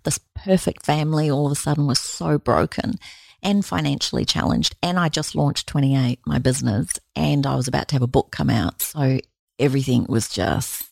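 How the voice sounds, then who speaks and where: A woman's voice: a bass voice, moderate pace, gravelly, darkish tone, no room sound, clean studio sound. An Australian woman telling candid personal stories as an interview guest, earnest and confiding. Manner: earnest, confiding, acts out quoted voices.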